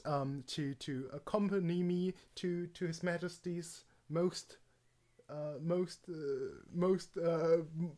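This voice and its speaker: A man putting on an exaggerated posh English accent to play a stiff, overly formal gentleman. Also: on the high side, steady tone, slow. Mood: pompous.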